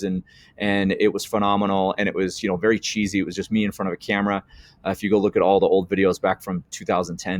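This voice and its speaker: A middle-aged man, an educator, talks through a software tutorial on his own channel. His voice sits fairly low, and he speaks earnestly and from the heart, often restarting his sentences. The sound is dry and close, with no room around it. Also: dry recording. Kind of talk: screen-share software tutorial.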